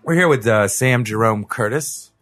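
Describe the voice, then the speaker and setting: A man's voice: mid-range voice, moderate pace, a bit bright, faint music behind. A man hosting a podcast while nursing a cold, chatting in a loose, joking way. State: has a cold. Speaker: podcast host. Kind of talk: casual chat.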